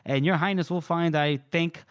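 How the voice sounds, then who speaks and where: A man voicing a scheming mercenary general with oily, flattering courtesy. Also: fairly high pitch, normal speed, smooth, natural voice.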